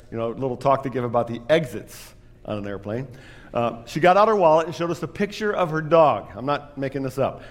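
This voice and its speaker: A man's voice: medium pitch, in a large hall. A man preaching a sermon as pastor, telling a story with self-deprecating humor.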